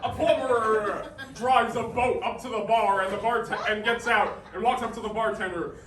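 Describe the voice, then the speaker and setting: A man performing improv comedy, telling quick pun jokes on stage. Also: high-pitched, steady tone, distant mic, a little hiss or hum. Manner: quick punchy one-liners, cheers "Ah!". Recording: echoey theater recorded from afar, loud audience.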